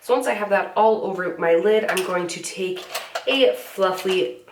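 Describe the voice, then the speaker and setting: With a medium-pitched voice at a moderate pace, a young beauty vlogger sniffles from a cold while casually chatting through a makeup tutorial, relaxed and filler-heavy. The mic is distant and slightly off, in an echoey room with a noisy background.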